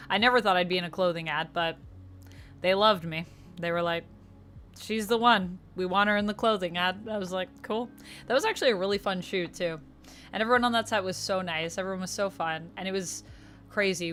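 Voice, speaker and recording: A young Canadian woman streaming casually, reading viewer comments aloud and answering them warmly. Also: on the low side. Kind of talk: casual livestream chat.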